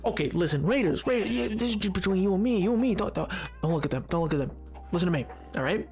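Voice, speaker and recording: A man streaming a game live and chatting with his viewers, hoarse from hours of talking, animated and self-mocking, breaking into laughter often. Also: high voice, fast talker, faint music behind. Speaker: livestreamer. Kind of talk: casual gaming livestream chat.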